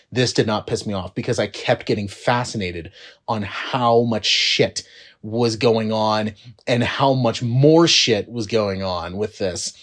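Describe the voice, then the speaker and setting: A man giving a casual movie review, exasperated and profane, swinging between low mutters and loud, rising outbursts.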